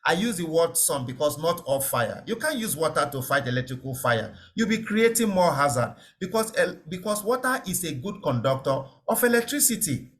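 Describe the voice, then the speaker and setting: A man's voice: a little high, very animated, moderate pace, few pauses, a bit bright. A man giving an online safety lecture, explaining step by step, repeating key words and checking that listeners understand. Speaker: safety trainer.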